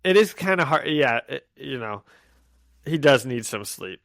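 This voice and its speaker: A man's voice: mid-range voice, measured pace, creaky, no echo, clean studio sound. A man co-hosting a podcast, recapping comic issues in casual chat and acting out the characters' lines. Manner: animated, acts out quoted lines in voices. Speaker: podcast co-host.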